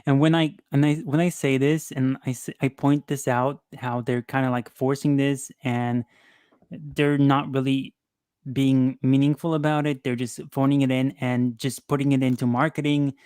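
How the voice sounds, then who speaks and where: A man appearing as a guest on a stream chat, calmly explaining his criticism in a measured way. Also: mid-range voice, clear, resonant tone, dry recording, clean studio sound. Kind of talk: casual chat.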